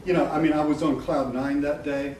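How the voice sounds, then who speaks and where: A middle-aged man giving a live seminar talk to an audience. He is animated and blunt, laughs often and swears casually. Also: a little high, a little fast. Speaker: marketing coach presenting a seminar. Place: event room with a live audience. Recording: echoey room from a distance, noisy.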